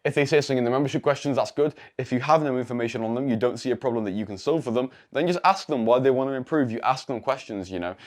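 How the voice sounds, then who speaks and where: A man's voice: medium pitch, very fast, few pauses. A teenage man, giving a rambling, blunt screen-share tutorial on coaching, full of slang and swearing. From England. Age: teens. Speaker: online coaching creator. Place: indoor room lit by a projector.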